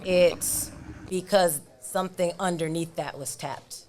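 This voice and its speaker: Woman therapist guest on a podcast, calm and explanatory, laughs easily. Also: lowish voice, takes it slowly, slight background noise. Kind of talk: casual podcast chat.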